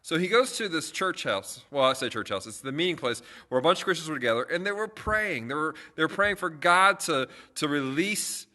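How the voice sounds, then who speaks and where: A young man, a youth pastor, talks on a casual livestream. His voice is notably bright and forceful, sitting slightly higher than most men's. He tells stories loosely, full of fillers and false starts. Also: animated, fairly quick, hardly any pauses. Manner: chatty storytelling with frequent fillers and restarts.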